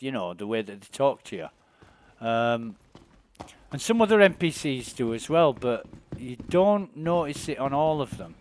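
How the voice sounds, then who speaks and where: In this casual gaming stream, a man with a medium-pitched voice rambles in a relaxed way about what's on screen and swears freely at times. The recording is dry.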